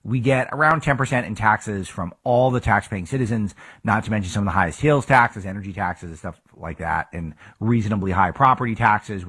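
Husky, low-voiced political talk host. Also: male voice, fairly bright tone. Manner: emphatic, rhetorical questions. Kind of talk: opinionated political commentary.

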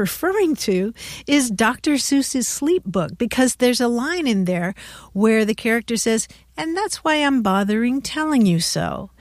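A woman's voice: a little high, dry recording, studio quality. A woman co-hosting a radio show, enthusiastically recommending a book in casual conversation. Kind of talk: casual radio chat about books.

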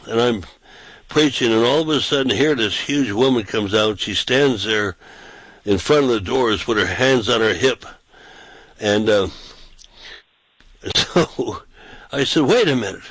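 A man's voice: lowish voice, unhurried, pauses often, fairly bright tone, no room sound, poor audio. A man who is a pastor and street preacher, telling anecdotes casually and acting out the quotes in a raised voice. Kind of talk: casual storytelling on a talk show.

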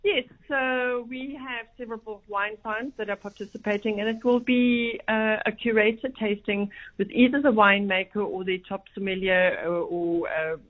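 A woman's voice: mid-range voice, fairly even intonation, moderate pace. A woman talking about a festival she helps run, chatty and rambling with many restarts. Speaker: festival organiser guest. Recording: tinny phone line.

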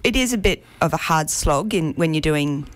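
A woman's voice: low voice, lively intonation, normal speed, no room sound. Friendly woman, teacher. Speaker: teacher and community theatre actor. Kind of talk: casual interview.

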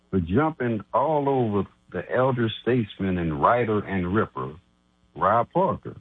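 A man's voice: on the low side, animated, a little slow, breathy edge, no echo. A man calling in to a sports radio show to mock a rival host. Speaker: caller. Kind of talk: call-in rant. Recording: tinny phone line.

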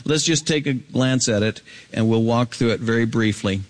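A man preaching a Bible sermon, jumping up to high, ringing emphasis and dropping low and quiet, stretching key words slowly. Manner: swings between soaring high emphasis and low hushed reading. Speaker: pastor. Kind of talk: expository sermon.

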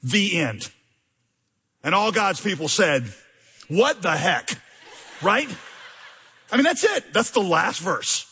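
A man preaching a conversational, animated sermon as pastor, mixing self-deprecating humor with intense scripture reading. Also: high voice, slow, pauses often, breathy edge. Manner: reads scripture with rising intensity.

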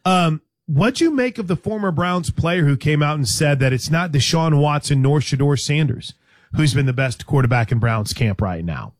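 A man's voice: a little high, expressive, normal speed, no echo, studio quality. A man hosting a sports radio show, chatting casually about football with a co-host, with frequent restarts and light teasing. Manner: conversational, hesitant restarts, teasing.

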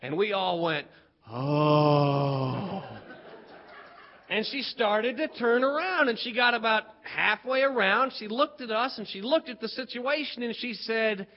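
A man from West Virginia with a notably high voice tells a childhood story, playful and animated, stretching out the key moments. The recording sounds somewhat dull and muffled. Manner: animated, playful, drawn-out pauses.

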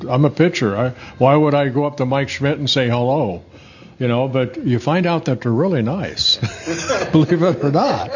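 A man in his seventies, a former pitcher, telling stories in a rambling, self-correcting way and chuckling at his own jokes. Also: slightly rough, muffled recording. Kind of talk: casual interview storytelling.

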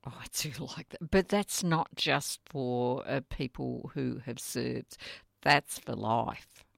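Interview host, gravelly fry-heavy voice, slow hesitant questions, dry sound. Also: mid-range voice, fairly bright tone, dry recording. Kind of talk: casual interview.

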